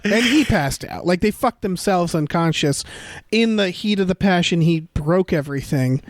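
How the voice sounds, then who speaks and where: Crude, animated high-voiced man. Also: moderate pace, dry recording, studio quality. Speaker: podcast co-host. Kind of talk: casual podcast chat.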